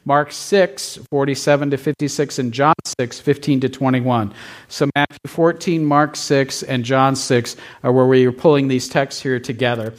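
A middle-aged man preaching as a pastor, telling a story casually and asking the congregation questions. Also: medium pitch. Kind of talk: conversational sermon.

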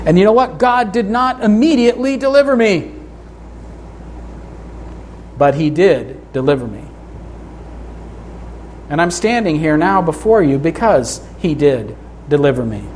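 Earnest preaching man, slightly high voice. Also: lively intonation, a little mellow, slight background noise. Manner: earnest, rises in pitch for emphasis, reads scripture slowly. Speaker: pastor. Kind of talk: sermon. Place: church sanctuary.

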